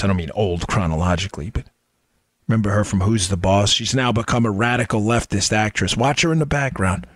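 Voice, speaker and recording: A man's voice: medium pitch, a bit bright, no echo. A man hosting a political talk show, delivering an impassioned monologue full of mocking rhetorical questions. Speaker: political commentary host.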